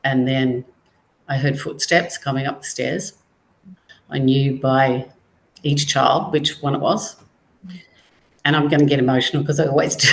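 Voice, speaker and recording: A middle-aged woman, a guest on an interview show, telling her personal story in a measured, reflective way with pauses. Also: extremely low pitch, low-quality recording. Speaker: guest, cancer survivor and author.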